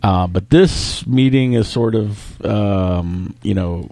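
A man's voice: lowish voice, takes it slowly, vocal fry, mellow, no echo. A man co-hosting a casual tech podcast, thinking aloud in an analytical way. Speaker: podcast co-host.

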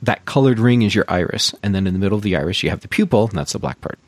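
A man's voice: on the low side, animated, rapid-fire, a little hiss or hum. A man co-hosting a casual tech podcast, explaining news in a loose way with many fillers and restarts. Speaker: podcast co-host.

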